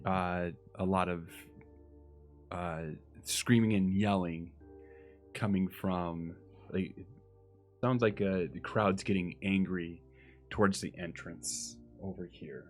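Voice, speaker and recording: Deep slow-talking man narrating a game. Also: fairly even intonation, faint music behind. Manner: halting, many fillers. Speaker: dungeon master.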